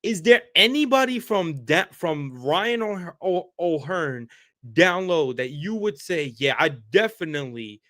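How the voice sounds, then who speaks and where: A man co-hosting a sports talk show who gets loud, swears and repeats himself as he argues his point. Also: sits high, lively intonation, slow pace. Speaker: podcast co-host.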